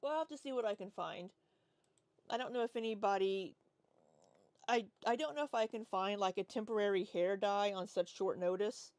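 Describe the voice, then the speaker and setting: A livestream host in her forties chats casually and rambles while reading and answering her chat. Her voice is medium-pitched and a little mellow, at a moderate pace, in a dry recording.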